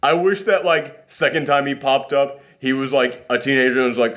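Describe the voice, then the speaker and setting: A man's voice: medium pitch, brisk, hardly any pauses, bright, forceful tone. A man hosting a casual movie reaction chat, rambling and self-deprecating, with a runny nose. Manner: rambling, self-deprecating, acts out quotes in silly voices.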